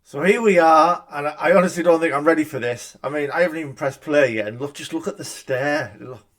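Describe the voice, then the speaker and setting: A man's voice: a little high, brisk, a bit bright, a little hiss or hum. A man, a gaming YouTuber talking in a casual, chatty, self-deprecating way at a desk mic in a room at home. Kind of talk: casual reaction vlog. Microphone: desk microphone.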